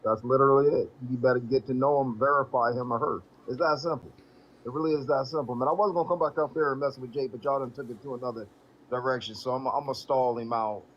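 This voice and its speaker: A man joining a live stream chat as a guest, talking fast and emphatically, joking between points. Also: mid-range voice, steady tone, slight background noise. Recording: dull lo-fi live stream audio.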